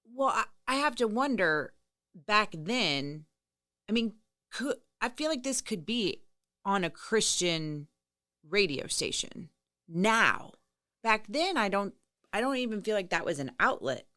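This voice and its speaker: A woman's voice: medium pitch, sing-song, a little slow, bright, forceful tone. A female podcast host in a casual conversation, asking curious questions and giving short agreeing replies.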